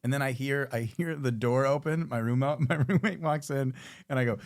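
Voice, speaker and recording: A man's voice: mid-range voice, normal speed. A man co-hosting a podcast, telling crude stories with lots of laughter. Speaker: podcast co-host. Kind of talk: casual podcast chat.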